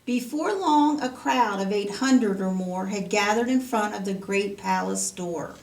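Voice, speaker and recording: A woman with a medium-pitched, creaky voice teaches Sunday school, reading a rhyming children's story aloud in a sing-song cadence. The recording sounds roomy and distant.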